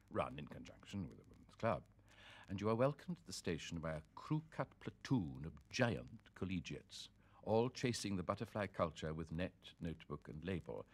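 A deep, low-pitched man reciting literary prose with theatrical flair. His delivery is sonorous and swells from hush to boom. Every phrase is shaped for performance. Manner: theatrical, sonorous, sweeping swings of loudness. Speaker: reader. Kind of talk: dramatic reading of literary prose.

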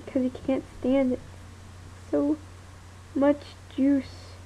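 A woman's voice: sits high, level tone, extremely slow, mellow. A young woman rambling drowsily into her camera, silly and giggly, sounding sleepy. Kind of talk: rambling sleepy webcam vlog. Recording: tinny lo-fi webcam audio with faint hiss.

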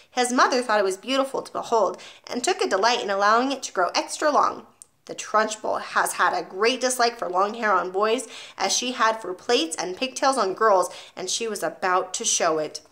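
A woman reading a children's novel aloud with expressive storytelling. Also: medium pitch, moderate pace. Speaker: audiobook reader.

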